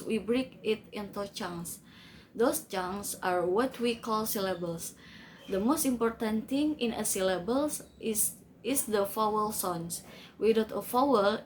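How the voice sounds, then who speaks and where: A woman reading a class presentation slowly and carefully, with small grammar slips. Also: on the high side, a little hiss or hum, rough recording. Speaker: student presenter.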